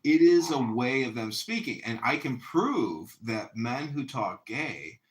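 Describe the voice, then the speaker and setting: A man's voice: medium pitch, big pitch swings, slow pace. A man arguing a point in a casual audio chat room, emphatic and insistent. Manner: argumentative, emphatic.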